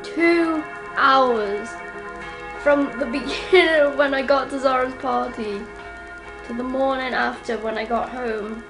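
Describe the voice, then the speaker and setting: Tired, giggly high-voiced teen girl. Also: fairly even intonation, normal speed, over music. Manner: rambling, giggly, many restarts. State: very tired after a night out. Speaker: vlogger. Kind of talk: casual chatty video diary. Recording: noisy home ambience.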